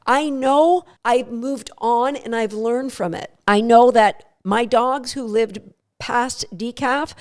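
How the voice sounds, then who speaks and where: A middle-aged woman hosting a dog training podcast, telling a personal story to her listeners in an earnest, emphatic way. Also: on the high side. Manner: earnest, emphatic, repeats words for stress.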